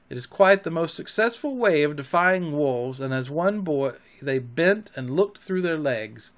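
A man hosting a podcast, reading a children's story aloud with expressive narration. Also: on the high side, a little slow, few pauses.

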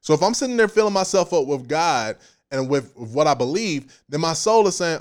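A man preaching a casual sermon in an animated, playful way, with slang and frequent laughs. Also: on the high side, fairly quick.

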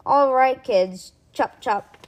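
A woman reading a storybook aloud and voicing a boastful male crab monster who fancies himself a magician, loud and theatrical. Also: sits high, slow, pitched above the performer's own voice. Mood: gleeful.

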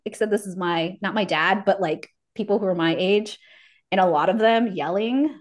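A woman's voice: mid-range voice, normal speed. A woman guest on a podcast telling her life story in casual conversation, acting out the voices of people she remembers and laughing often. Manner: lively, acts out remembered dialogue; laughs often mid-sentence.

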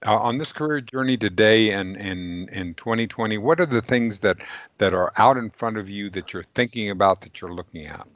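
A man hosting an interview, talking casually and haltingly with repeated words. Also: fairly low pitch, a bit bright. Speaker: interview host. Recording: dry, dull lo-fi sound.

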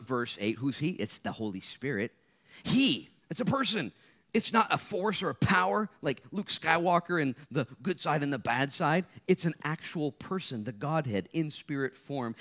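A young man giving a casual sermon at a campus meeting as a guest speaker, joking and chatty, swinging between hushed and loud passages. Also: medium pitch, animated, a little fast.

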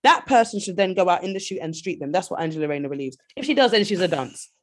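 A woman's voice: fairly low pitch, lively intonation, fast. Woman on a podcast, fired up, arguing back and cutting in. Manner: heated, argumentative, interrupts. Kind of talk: casual debate chat.

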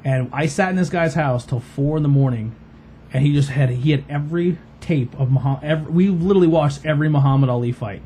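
A fast-talking man, telling a rambling story on a casual podcast. His voice is dark and mellow, with a faint hiss behind it. He leans on fillers and acts out the voices of the people he quotes. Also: fairly high pitch. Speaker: podcast host.

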